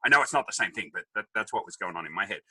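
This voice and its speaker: Bright-voiced joking Australian man. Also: on the low side, racing, slightly rough, no room sound. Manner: joking, wisecracking, animated anecdotes. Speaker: guest. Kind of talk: humorous storytelling interview.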